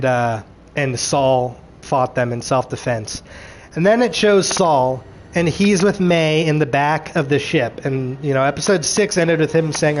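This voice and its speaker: A man with a slightly high voice rants through a recap, exasperated and sarcastic and quick to swear. A faint hum of room ambience sits under his voice. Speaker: show recap commentator. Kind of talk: rambling recap rant.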